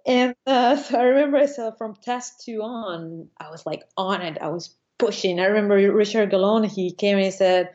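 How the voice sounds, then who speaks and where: A woman paraglider pilot from Venezuela, recounting her competitions in a casual interview, animated and laughing often, with many restarts. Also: medium pitch, moderate pace. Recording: slightly dull lo-fi audio.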